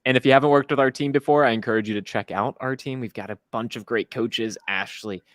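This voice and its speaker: A man hosting a casual live-stream chat, upbeat and quick with promotional patter. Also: mid-range voice, fairly bright tone, dry recording, clean studio sound. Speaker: host.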